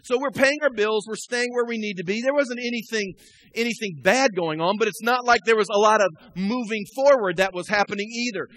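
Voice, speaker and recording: Male pastor in church: high voice, chatty sermon with questions to the room, swells to loud emphatic preaching. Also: brisk. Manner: conversational, asks the congregation questions, builds to loud emphatic preaching. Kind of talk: live sermon. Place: church sanctuary.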